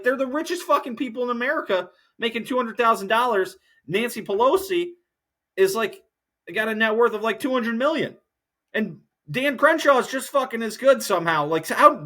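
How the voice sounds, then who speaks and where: Profane, bright-voiced man ranting as host. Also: sits high, lively intonation, fairly quick. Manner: heated, profane, rambling. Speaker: podcast host. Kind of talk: solo podcast rant.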